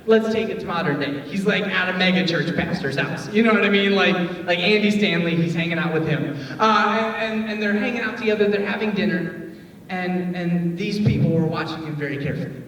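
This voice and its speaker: High-voiced man preaching in an echoey hall. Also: a little fast, a bit bright. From Detroit, USA. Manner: chatty and joking, many filler "like"s. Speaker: youth pastor. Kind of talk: casual youth sermon. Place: church hall. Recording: echoey hall, voice from far off, faint noise.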